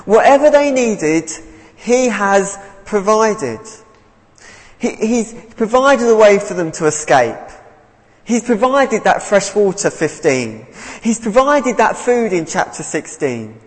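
Slow, lively preacher. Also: male voice, high-pitched, big-room sound, low-quality recording. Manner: earnest, repeats words as he goes. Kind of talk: sermon.

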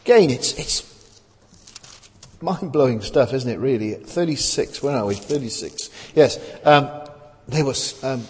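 A man preaching a sermon in a conversational way, asking rhetorical questions and often pausing with hesitations. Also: mid-range voice, lively intonation, darkish tone. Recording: long hall reverb.

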